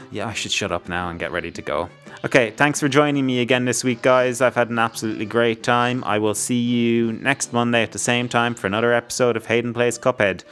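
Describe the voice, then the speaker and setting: A man's voice: fairly low pitch, fairly quick, a bit bright, faint music behind. A man hosting a let's play, rambling and joking to himself as he plays. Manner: jokey rambling banter, talks to himself. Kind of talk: gameplay commentary.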